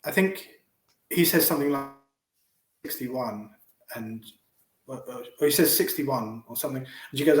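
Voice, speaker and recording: A man's voice: medium pitch, moderate pace, pauses often, reverberant, poor audio. A man casually retelling movie scenes, often saying "you know". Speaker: podcast co-host.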